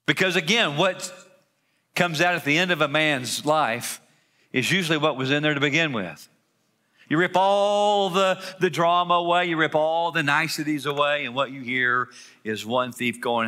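A man preaches to his church with a bright, forceful tone that sits a little high for a male voice. He leans on rhetorical questions and drives home repeated phrases with emphasis. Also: normal speed. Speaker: pastor. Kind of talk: Easter sermon. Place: church service.

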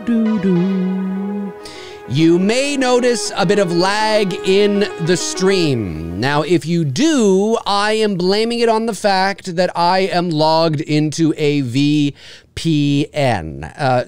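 A Canadian man with a notably high voice hosts a live stream from his home studio. He is playful and animated and swears casually. Faint music plays behind him. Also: clean tone, no echo. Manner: joking, animated, swears freely. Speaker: host. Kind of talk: live stream movie commentary.

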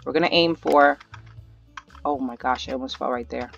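Nervous excitable gamer narrating play, mid pitch, kinda muffled audio w/ soft music behind. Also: normal speed, creaky. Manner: excitable, nervous self-talk with repeated urging. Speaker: gaming channel host. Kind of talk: live gameplay commentary. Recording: slightly dull lo-fi audio with faint background music.

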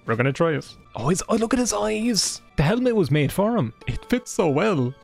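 Joking, cursing Irish game streamer. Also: male voice, high-pitched, brisk, vocal fry, faint music behind. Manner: joking, swearing, excitable banter with chat. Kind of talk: live gameplay commentary.

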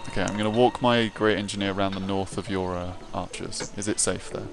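A man chatting casually with friends over voice chat while playing a strategy game, laid-back and quick to swear or laugh. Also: low-pitched, steady tone, vocal fry, background noise. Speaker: gamer playing in a group.

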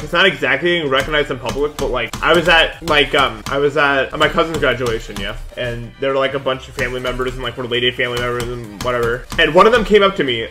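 Young guy rambling on a gaming stream, talks fast, says like and dude constantly, gets frustrated fast. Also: medium pitch, sharp tone. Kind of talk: casual livestream chat while gaming.

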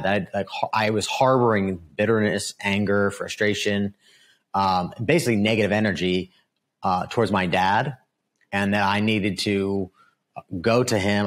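Low-voiced man telling his life story. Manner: earnest storytelling, frequent fillers and "right?" asides. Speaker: guest, author. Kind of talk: personal testimony in a podcast interview.

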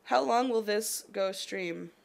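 Her voice is mid-range, slow and creaky: a Canadian woman livestreaming a modded block game and chatting away, rambling with lots of "like." Background noise and mouse clicks fill the home recording.

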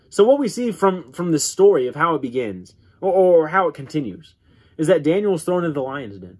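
A man teaching a church Bible class in an earnest way, often restarting words and letting his voice drop low at the ends of lines. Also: sing-song, brisk, darkish tone, breathy edge. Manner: earnest, repeats words when restarting, dramatic drops in pitch.

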